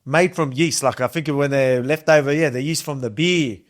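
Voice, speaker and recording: A man's voice: medium pitch, normal speed. Chatty Australian man showing how to eat a spread. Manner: chatty, rambling, enthusiastic. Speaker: cooking video host. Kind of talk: casual cooking demo.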